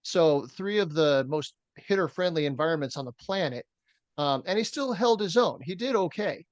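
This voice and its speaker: Co-hosting a casual sports podcast, a man talks baseball at normal speed in a voice on the high side. The recording is dry, and he reads stats in a steady rundown full of fillers.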